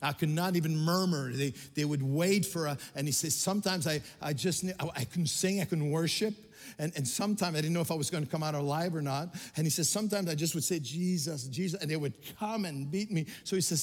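A man's voice: a little high, brisk. An older male pastor from Quebec preaching with rising passion and frequent restarts. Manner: impassioned, rising to near shouts, many restarts. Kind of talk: sermon. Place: church sanctuary. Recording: reverberant hall with music behind.

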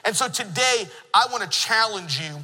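A middle-aged man preaching a sermon in a church, an animated storyteller who jokes with the congregation. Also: high voice, moderate pace, big-room sound, rough recording. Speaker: pastor. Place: church sanctuary.

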